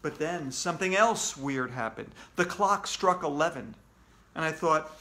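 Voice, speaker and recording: Author reading to kids, slow and expressive, bright-voiced man. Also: fairly high pitch, a little hiss or hum. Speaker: children's author. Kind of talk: reading aloud to children.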